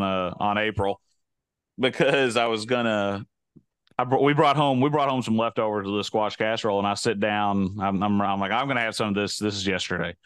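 A man with a smooth, resonant voice chats casually as a show co-host, wandering through his stories with lots of restarts and side comments. His voice is recorded dry and close, with no room sound at all. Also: fairly low pitch, fairly bright tone, dry recording. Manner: rambling, self-interrupting storyteller. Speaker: podcast co-host. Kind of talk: casual chat.

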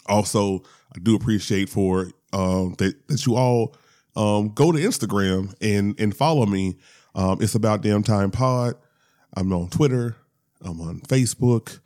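A man's voice: on the low side, mellow. A man hosting his own podcast, talking casually and rambling with lots of fillers after a weekend of drinking wine. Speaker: podcast host.

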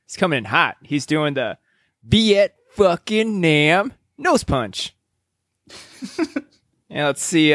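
Slow-talking laid-back man, dry sound. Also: medium pitch, a bit bright, no room sound. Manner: laid-back, chuckling, drawn-out storytelling. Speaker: co-host. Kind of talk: casual play-by-play banter.

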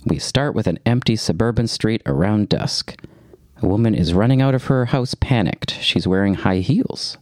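A man's voice: lowish voice, normal speed, background noise. A man in a casual podcast chat, recapping a film's plot in an easygoing way.

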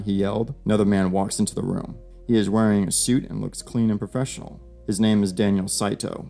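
A man narrating an audio story in a plain, steady reading voice. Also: lowish voice, fairly quick, creaky, hardly any pauses, soft background music.

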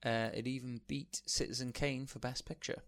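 A man's voice: medium pitch, level tone, moderate pace, creaky, fairly bright tone. A man co-hosting a podcast, explaining things casually and recalling facts aloud as he goes. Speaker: podcast co-host. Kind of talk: casual film discussion.

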